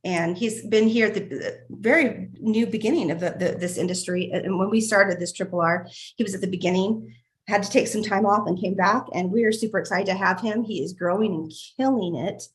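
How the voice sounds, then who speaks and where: A woman hosts a casual members' video call, heaping praise on each person. She laughs easily and keeps restarting her sentences. Her voice sits at a middle pitch for a woman. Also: brisk. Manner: warm, gushing, laughs often, restarts sentences.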